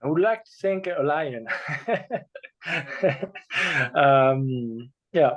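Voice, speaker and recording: A man's voice: mid-range voice, animated, slow pace. A man answering interview questions about his playing, searching for words. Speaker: guest, padel player. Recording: dull lo-fi sound.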